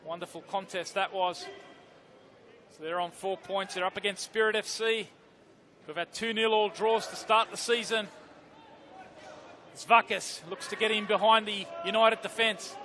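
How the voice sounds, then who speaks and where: Bright high-voiced male football commentator. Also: a little hiss or hum. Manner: fast excited play-by-play, shouting at big moments. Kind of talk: live sports commentary. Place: outdoor football stadium commentary position.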